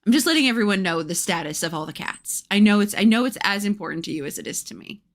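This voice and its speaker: A woman's voice: medium pitch, expressive, fast talker. Playful, chatty young woman reading aloud. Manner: chatty, playful, breaks off to coo at her cats. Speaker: livestream host reading a book aloud. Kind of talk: casual chat and storybook read-aloud.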